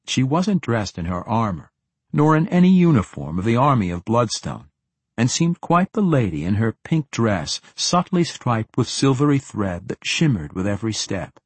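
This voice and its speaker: A man narrating a fantasy novel as an audiobook, in a steady, measured way. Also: mid-range voice, slightly rough, no room sound.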